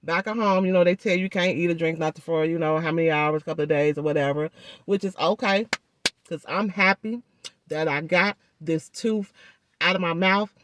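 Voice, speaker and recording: A woman vlogger telling a story in a chatty, animated way, speaking through a swollen jaw and addressing viewers directly. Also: on the low side, normal speed. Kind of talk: casual storytelling vlog.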